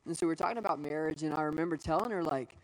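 A young man in his twenties preaching to a live audience, telling personal stories in a lively, conversational way with asides. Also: on the high side, racing, rough recording. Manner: storytelling, energetic and conversational, with asides. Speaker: pastor.

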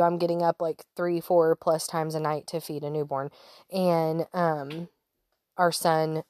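A woman in her thirties sharing a personal faith story in a chatty, candid way, laughing easily and dropping to soft whispers. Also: on the low side, dry recording, studio quality. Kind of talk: casual personal testimony to an audience.

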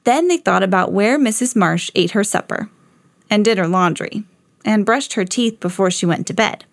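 A woman hosting a children's read-along, narrating a picture book aloud in an expressive way. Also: mid-range voice, normal speed, vocal fry, no echo. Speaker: host reading to children.

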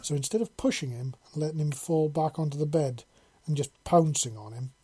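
A man narrating a storybook chapter in a calm, unhurried, even way. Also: on the high side, slightly rough. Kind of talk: storybook reading.

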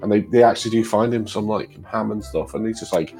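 A man's voice: on the low side, quick pace, warm tone, soft background music. Rambling game master man. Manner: rambling, many fillers and restarts. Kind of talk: narrating a tabletop game.

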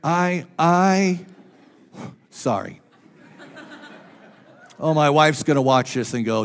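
A male pastor preaching a sermon through a personal story, swinging between loud and hushed and repeating phrases for emphasis. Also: medium pitch, a little slow, pauses often.

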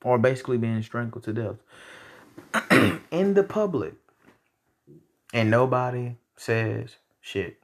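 A man's voice: medium pitch, expressive, slow, long pauses. A young man hosting a podcast, ranting bluntly and heatedly with lots of profanity. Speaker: podcast host. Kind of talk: casual rant.

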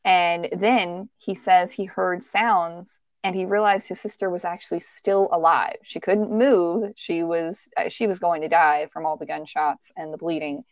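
A woman's voice: on the low side, steady tone, measured pace, hardly any pauses, dry recording. A woman hosting a podcast, telling a true-crime story in a casual, conversational way with frequent restarts and fillers. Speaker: podcast host.

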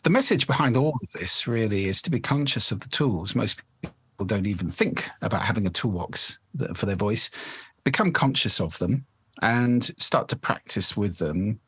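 A man with a lowish, slightly husky voice talks about how people speak, measured and articulate. He sounds like an expert guest in an interview. The recording is close and dry, with no room around him. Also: expressive, fairly bright tone, dry recording. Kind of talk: conversational interview explanation.

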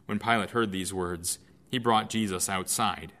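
A man reading a scripture lesson aloud in an expressive, emphatic way. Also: low-pitched, measured pace. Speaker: Bible lesson reader.

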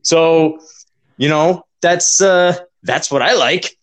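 A man's voice: fairly high pitch, takes it slowly. A man co-hosting a podcast in casual chat, amused and self-mocking, laughing often. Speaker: podcast co-host.

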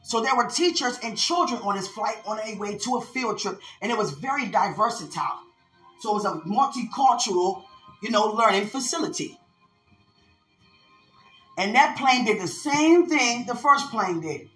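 A woman preaches with fervent conviction, calling out to listeners as she recounts a vision. Her voice sits a little high and rings in an echoey room. Faint music plays underneath. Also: lively intonation, normal speed, fairly bright tone. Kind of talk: prophetic sermon.

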